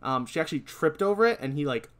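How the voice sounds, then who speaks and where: A man's voice: on the high side, lively intonation, quick pace, clean tone. Man recapping a movie casually. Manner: narrates plot, laughs a lot. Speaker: podcast co-host.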